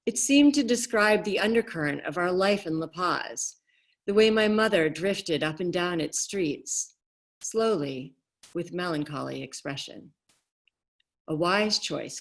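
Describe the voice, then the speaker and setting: A woman author reads from her novel in a measured, expressive literary style, her voice slightly low. It comes through a video call. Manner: measured, expressive reading, apologetic asides. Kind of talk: literary reading aloud.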